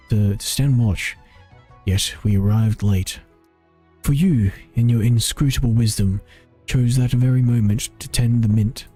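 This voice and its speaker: A man's voice: medium pitch, warm tone, natural voice. A man voicing a haughty ancient bird spirit who speaks in stately, old-fashioned phrases.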